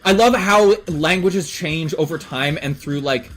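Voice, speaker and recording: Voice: mid-range voice, unhurried, a bit bright, a little hiss or hum, poor audio. Swearing streamer on a tangent. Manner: rambling enthusiastic tangents with swearing. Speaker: live streamer. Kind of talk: casual stream chat.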